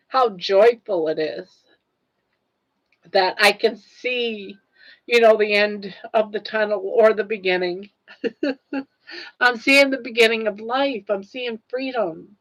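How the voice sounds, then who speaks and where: A woman's voice: medium pitch, a little slow, a bit bright, low-quality recording. An older woman hosting a casual livestream chat, tearful and earnest as she talks straight to her viewers. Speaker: livestream host.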